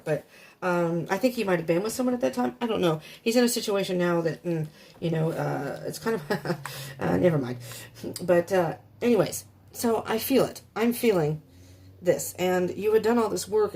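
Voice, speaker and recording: A woman's voice: fairly low pitch, expressive, a little fast, mellow, slightly rough. A woman giving a casual tarot reading for her viewers, rambling and emotional, often talking to herself as she turns over cards. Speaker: tarot reader.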